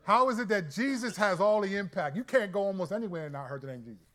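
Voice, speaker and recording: Brief: male Bible teacher, animated and colloquial, high, forceful delivery. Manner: excitable, colloquial, quick restarts. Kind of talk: animated sermon-style teaching.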